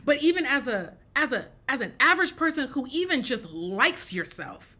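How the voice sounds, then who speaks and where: A woman's voice: sits high, big pitch swings, normal speed, sharp tone. A woman giving casual spoken commentary in a blunt, joking way, often repeating herself and breaking into laughter. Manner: repeats and restarts phrases.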